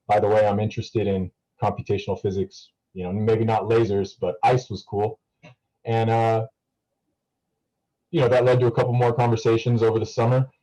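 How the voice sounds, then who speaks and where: A young man with a low, mellow voice talks casually to a class over a video call. He rambles, full of fillers and restarts. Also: low-quality recording. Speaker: student guest speaker.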